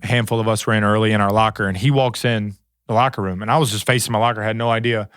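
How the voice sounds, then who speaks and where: A man's voice: fairly low pitch, very fast, smooth, no echo, studio quality. A man in his thirties, a guest on a podcast, telling stories in a casual way and acting out what others said. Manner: animated, quotes others in lively asides. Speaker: guest, former pro football player. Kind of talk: casual storytelling.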